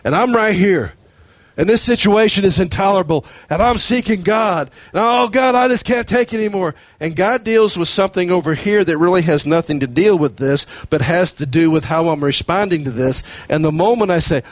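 A man's voice: a little high, moderate pace, dry recording. Conversational man preaching a sermon. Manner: conversational, storytelling, acts out quoted prayers.

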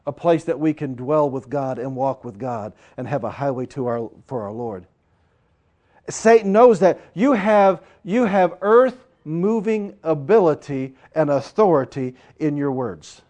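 A man preaching a sermon with passion, swinging between loud urging and hushed, quieter asides. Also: a little high, expressive, unhurried.

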